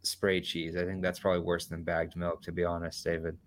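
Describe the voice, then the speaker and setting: Low-voiced American man hosting a chat. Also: completely flat delivery, a little fast. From United States. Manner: curious, questioning, laughs easily. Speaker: podcast host. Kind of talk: casual podcast chat.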